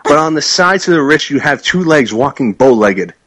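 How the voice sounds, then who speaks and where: A man's voice: fairly high pitch, expressive, moderate pace, a bit bright, rough recording. A man co-hosting a podcast, telling stories in casual, sardonic banter. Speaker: podcast co-host.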